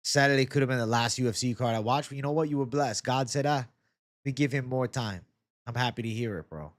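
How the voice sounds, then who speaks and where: Young male streamer, average pitch, dry booth-like sound, loose chatty delivery with frequent swearing. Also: quick pace, dry recording. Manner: chatty, reads and answers viewer comments, swears freely. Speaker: MMA YouTube host. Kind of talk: casual live-stream chat.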